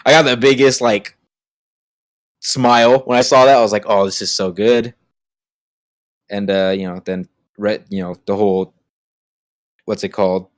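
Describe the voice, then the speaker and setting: A man with a lowish voice chats loosely on a podcast, circling through his thoughts with plenty of "like" and "you know." The sound is dry and close, with no room echo. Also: little pitch movement, normal speed, long pauses. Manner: rambling, with many fillers and restarts. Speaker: podcast co-host. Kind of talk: casual chat.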